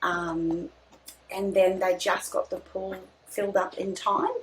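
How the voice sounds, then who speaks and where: A woman's voice: mid-range voice, level tone, takes it slowly, slight background noise, poor audio. A young woman, telling her birth story in casual chat, hesitant with many restarts. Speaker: podcast guest.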